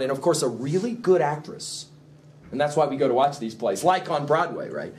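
Animated high-voiced male teacher. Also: normal speed, slight background noise. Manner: animated, emphatic, chuckling asides. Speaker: literature teacher. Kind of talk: classroom lecture.

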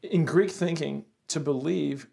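Gravelly-voiced man telling stories on a podcast. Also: a little high, a little slow. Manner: animated storytelling, says "bro" and "crazy". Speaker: pastor and podcast host. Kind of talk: casual podcast conversation.

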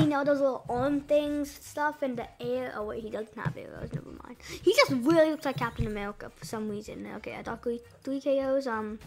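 Faint game music sits beneath the high-pitched voice of a woman doing casual let's-play commentary. Excitable and rambling, she restarts her sentences and exclaims often as she comments on the gameplay.

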